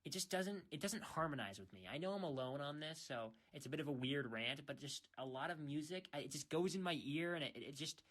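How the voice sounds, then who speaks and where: A young male streamer rants casually, stumbling over restarts and stacking filler swears. His voice is bright and sits fairly high for a man. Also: brisk, hardly any pauses. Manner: rambling, repetitive "freaking", restarts. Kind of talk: casual rant.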